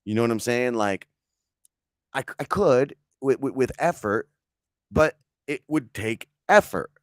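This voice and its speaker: A man's voice: mid-range voice, animated, measured pace, no room sound. A man riffing through a loose comedic chat, rambling and profane, in a mid-range voice. The sound is dry and close, with no room around it.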